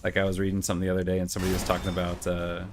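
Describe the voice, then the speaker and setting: A man's voice: deep voice, monotone, rapid-fire, a little hiss or hum. A middle-aged man hosting a gaming channel, chatting casually and rambling through stories with quoted voices while he plays. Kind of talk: casual chat while playing.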